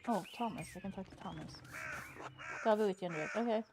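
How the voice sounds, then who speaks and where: A woman playing a story game and reading its dialogue aloud, thinking out loud casually and swearing often. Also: mid-range voice, fast talker, noisy background. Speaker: game streamer.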